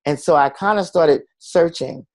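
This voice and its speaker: A man's voice: on the high side, moderate pace, dry recording. A middle-aged man being interviewed, telling a personal story in an earnest, confessional way and acting out the voices of the people he quotes. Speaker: guest.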